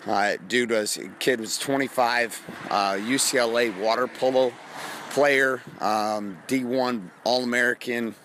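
A man hosting a motivational podcast, talking slowly and quietly to rest a strained voice, casual and profane, while walking down a street outdoors. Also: mid-range voice, steady tone, slight background noise. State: strained voice, resting it. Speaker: podcast host and coach.

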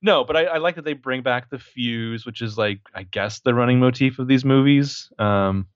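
A man's voice: mid-range voice, normal speed, no echo. Man, enthusiastic movie chat, dry close sound, slightly lo-fi. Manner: enthusiastic, animated retelling. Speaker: podcast co-host. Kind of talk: casual film discussion.

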